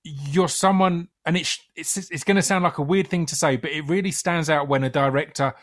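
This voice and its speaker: A man interviewing a guest, enthusiastic and halting, restarting his questions often. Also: on the high side, fairly bright tone. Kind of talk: interview conversation.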